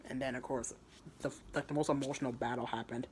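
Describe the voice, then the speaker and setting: A man's voice: mid-range voice, fairly even intonation, quick pace, slight background noise. Rambling, foul-mouthed male storyteller. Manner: rambling, crude, with repeated stumbling restarts. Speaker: storyteller retelling his own fan fiction. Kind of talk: casual retelling of a story.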